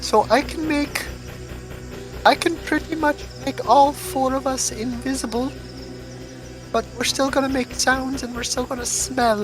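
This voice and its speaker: A woman playing a tabletop game, chatting casually and thinking out loud as she plans. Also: high-pitched, steady tone, measured pace, over music.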